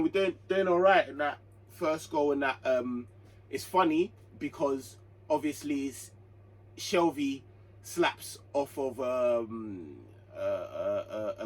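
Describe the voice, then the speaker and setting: A young man giving a casual, rambling football match review, full of slang, fillers and restarts. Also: mid-range voice. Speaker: football channel host. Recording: slightly distant mic with faint hum.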